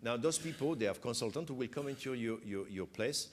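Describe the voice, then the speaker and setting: A man's voice: medium pitch, lively intonation, fast talker, a little hiss or hum. An older man from France with a French accent, a chef explaining things in an interview, often adding "you know". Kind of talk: interview conversation.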